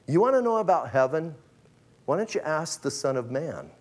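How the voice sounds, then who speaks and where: A man preaching a lively, casual sermon full of slang and acted-out asides. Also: fairly high pitch, fairly quick. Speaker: pastor.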